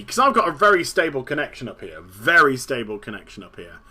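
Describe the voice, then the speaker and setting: A man's voice: medium pitch, sing-song, a little fast, bright, forceful tone, husky. A man in his thirties hosting a gaming show, ranting casually, exasperated and sweary, repeating himself and laughing at his own jokes. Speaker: gaming podcast host.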